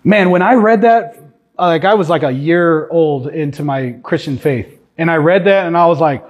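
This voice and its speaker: Husky, high-voiced male preacher. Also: normal speed, dull audio. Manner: earnest, emphatic, rhetorical questions to the congregation. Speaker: guest preacher. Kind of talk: sermon. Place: church.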